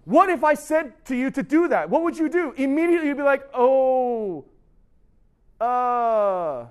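Animated high-voiced young man preaching. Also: quick pace. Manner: conversational and animated, acts out students' excuses. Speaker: youth pastor. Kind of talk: youth sermon.

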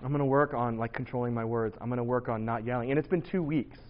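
Animated pastor telling family stories. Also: male voice, mid-range voice, fast, highs cut off. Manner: animated storytelling, acts out his kids, laughs often. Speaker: youth pastor. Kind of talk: sermon to teenagers.

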